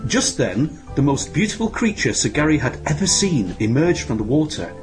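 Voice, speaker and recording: A man narrates a comic pantomime with sarcastic, grumbling asides and a lively, wide-ranging delivery. Clear music plays under the voice throughout. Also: a little high, moderate pace. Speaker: host and narrator.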